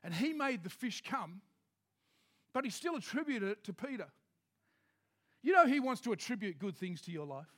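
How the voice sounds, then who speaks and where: A man preaching a sermon to his congregation in a lively, joking, conversational way. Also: sits high, moderate pace, pauses often. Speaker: pastor. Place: church hall with a congregation.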